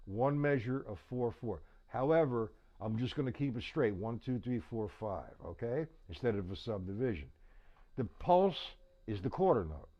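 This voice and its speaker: A man's voice: medium pitch, dull audio. Plainspoken man teaching drums. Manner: counts beats aloud over his playing; plainspoken, repeats and restarts. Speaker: drum teacher. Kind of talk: live online drum lesson. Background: drum kit playing.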